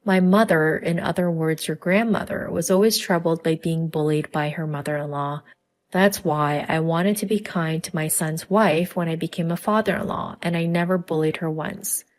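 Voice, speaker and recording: A woman voicing an angry middle-aged father-in-law who loudly scolds his wife and son in a narrated story. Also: low voice, steady tone, moderate pace, lightly acted. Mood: stern. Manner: loud, scolding.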